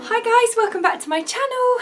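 Excitable high-voiced young woman vlogger. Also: a little fast, loud music behind the voice. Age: 20s. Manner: chatty, excitable, rambling with fillers. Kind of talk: story time vlog.

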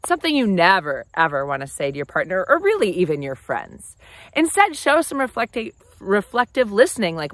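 A woman hosting a casual advice talk to camera, conversational and animated. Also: mid-range voice, fairly quick, dry recording. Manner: animated, conversational, often acts out quoted phrases. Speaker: relationship advice host.

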